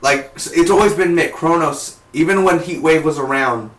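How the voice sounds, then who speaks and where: A young man casually reviewing a TV episode, rambling and excitable, with lots of "like" and "man". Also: fairly high pitch, moderate pace. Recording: echoey room.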